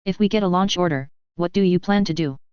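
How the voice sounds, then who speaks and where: Steady male squadron leader, read by a woman, commanding, clear voice, dull sound. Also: fairly low pitch, fast, no echo, lightly acted. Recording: dull lo-fi dry recording.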